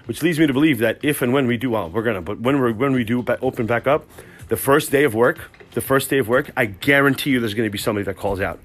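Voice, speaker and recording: Fast-talking profane man telling stories. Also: mid-range voice. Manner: profane, rambling, excitable. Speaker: podcast host. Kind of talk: casual comic storytelling monologue.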